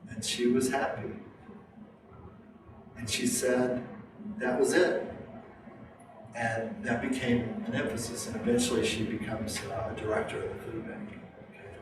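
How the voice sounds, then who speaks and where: A man's voice: medium pitch, fairly even intonation, a little slow, pauses often. A man lecturing to a class, telling a long story in a rambling way, with many fillers and restarts. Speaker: lecturer and teacher. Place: lecture room. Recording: roomy, distant room mic.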